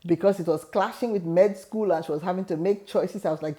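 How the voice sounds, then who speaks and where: A woman's voice: on the low side, a little fast, mellow. A middle-aged woman hosting an advice video, telling a personal story in an earnest, encouraging way. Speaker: host giving advice. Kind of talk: motivational talk.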